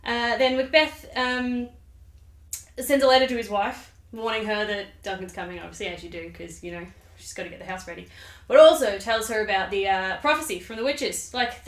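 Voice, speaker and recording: A woman's voice: mid-range voice, normal speed, echoey room. A woman hosting her own channel, giving a chatty, irreverent, slangy summary of a play. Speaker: channel host. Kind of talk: casual comic literature summary.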